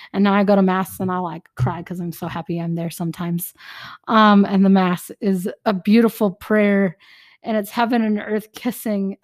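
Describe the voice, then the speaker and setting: A young woman co-hosting a casual faith podcast, chatty and animated, acting out little bits of dialogue as she talks. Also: mid-range voice. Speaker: podcast co-host.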